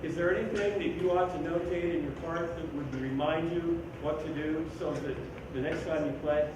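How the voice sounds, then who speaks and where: Man, band clinician, animated and joking, somewhat high voice, very echoey band room, distant mic. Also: moderate pace, few pauses. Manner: animated and joking, sings rhythms aloud. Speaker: band clinician conducting a rehearsal. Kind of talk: rehearsal instruction. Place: school band room, indoors. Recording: very echoey room from far off with background noise.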